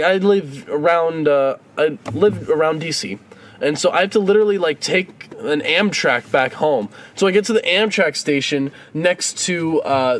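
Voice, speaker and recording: Young male podcast co-host, slightly high voice, lively storyteller who swears and acts out dialogue. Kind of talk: casual storytelling chat.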